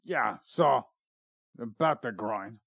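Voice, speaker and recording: A man's voice: mid-range voice, expressive, slow, slightly rough, no echo, highs cut off. A man hosting a comedy podcast, rambling and joking, sometimes reading from his notes. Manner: rambling, jokey, reads research notes aloud. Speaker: podcast host. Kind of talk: casual comedy podcast chat.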